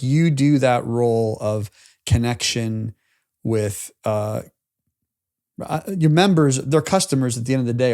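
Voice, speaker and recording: A man's voice: medium pitch, darkish tone. A man co-hosting a business podcast, telling stories casually and acting out the conversations he quotes. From lives in Tennessee. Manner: rambling storyteller, acts out quoted exchanges. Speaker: podcast co-host.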